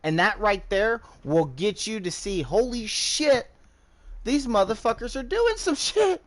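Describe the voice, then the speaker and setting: American guy streamer, slightly high voice, rambling, swears a lot. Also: lively intonation, unhurried. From United States. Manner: profane, rambling, restarts often. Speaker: livestreamer. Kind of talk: casual rambling commentary while gaming.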